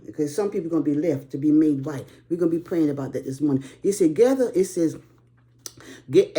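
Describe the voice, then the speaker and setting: A woman's voice: fairly low pitch, warm tone. A woman, preaching on a prayer call and singing hymn lines, near tears at times, in short bursts with many "okay?".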